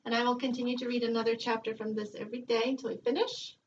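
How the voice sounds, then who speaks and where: A woman teacher reading a children's book aloud to her students in a calm, measured storytelling manner. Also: on the high side, far from the mic, lo-fi sound, a little hiss or hum.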